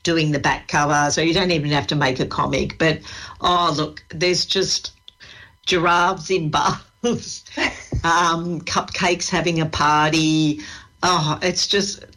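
A woman's voice: low voice, fairly even intonation, takes it slowly, a bit bright. An Australian woman who works at a library, chatting with enthusiasm in a radio interview and laughing easily. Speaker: library staff guest.

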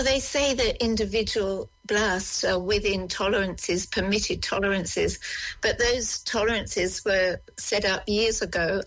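A middle-aged Australian woman, a local resident giving an earnest, halting radio interview full of restarts. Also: medium pitch, a bit bright, low-quality recording.

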